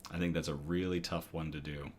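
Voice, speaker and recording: A man's voice: rumbling low, little pitch movement, fairly quick, a little hiss or hum. A man hosting a casual livestream chat, reading viewer comments aloud and laughing often. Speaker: host.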